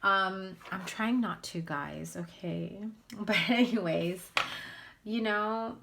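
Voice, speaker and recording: A woman's voice: mid-range voice, takes it slowly, gravelly, background noise. A woman giving a casual spoken tarot reading to her viewers, blunt and candid, speaking straight out. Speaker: tarot reader.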